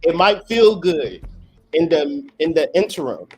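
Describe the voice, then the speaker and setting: A man's voice: fairly high pitch, big pitch swings, unhurried, husky. A man hosts a profane, preachy monologue, mixing street talk with scripture. He speaks emphatically and drives each point home. Faint music plays behind him. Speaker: host.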